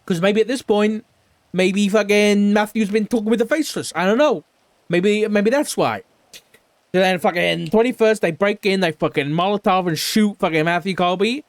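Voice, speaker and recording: A man's voice: high-pitched, normal speed, no echo. A man recapping an investigation in character, rambling and swearing a lot, sometimes mimicking other people. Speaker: roleplay streamer.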